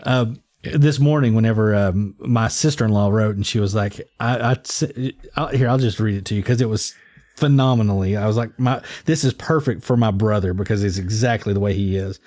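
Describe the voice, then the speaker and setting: A man's voice: lowish voice, fairly quick, darkish tone, dry recording. A man hosting a podcast, chatting casually and rambling as he restarts his sentences. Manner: rambling, many fillers and restarts. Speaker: podcast host. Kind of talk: casual chat.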